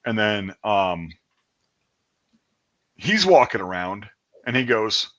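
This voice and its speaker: A man's voice: fairly low pitch, slow pace, highs cut off. A man hosting a podcast, telling a story in a casual, profane way and acting out the people he quotes. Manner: profane, animated, acts out quotes. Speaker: podcast host.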